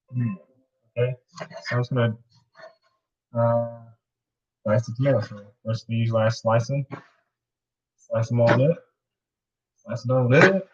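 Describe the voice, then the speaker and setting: A man hosting a home cooking video, talking viewers through each step in a relaxed, rambling way with playful wordplay. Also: medium pitch, highs cut off. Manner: chatty, rambling, plays with words. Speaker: cooking show host. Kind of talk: casual cooking demonstration.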